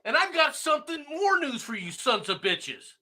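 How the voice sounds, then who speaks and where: Sex: man. Role: political talk host. Style: angry ranting commentary. Pitch: high, very lively. Tone: bright. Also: moderate pace. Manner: angry, sarcastic, mocking, often shouting.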